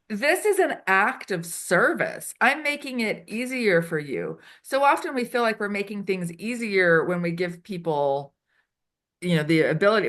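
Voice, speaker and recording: A woman consultant being interviewed, chatty and animated, acting out quoted lines as she explains. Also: mid-range voice, moderate pace. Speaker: HR consultant and improv performer. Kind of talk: casual interview answers. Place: Switzerland.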